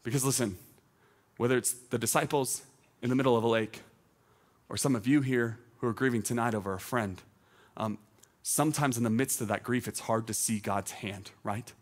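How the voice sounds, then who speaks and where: Man preaching a lively conversational sermon. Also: medium pitch, moderate pace. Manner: conversational, repeats words, builds to urgent shouts. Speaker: teaching pastor. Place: outdoor service.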